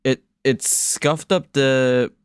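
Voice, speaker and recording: A man's voice: medium pitch, steady tone, very slow, smooth, no room sound, studio quality. A playful young man chatting casually as a vlogger while testing his desk microphone. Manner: playful, joking, testing mic effects. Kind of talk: casual chat. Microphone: desk USB microphone.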